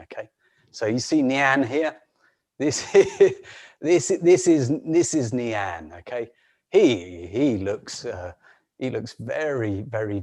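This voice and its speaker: A man telling a folk tale on a video call in an unhurried way, with frequent restarts and soft laughs. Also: mid-range voice. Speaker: storyteller.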